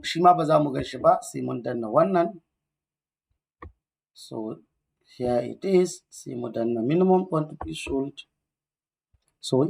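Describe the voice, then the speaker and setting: A man, explaining software step by step in a calm screen-recorded tutorial, mixing in English terms. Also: on the high side, gravelly, husky.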